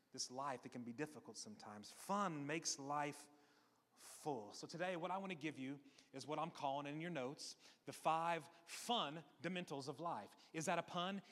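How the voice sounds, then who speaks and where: A young adult man preaching a sermon, energetic and joking, often repeating his key phrases. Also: on the high side. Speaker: pastor. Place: church hall. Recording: echoey hall.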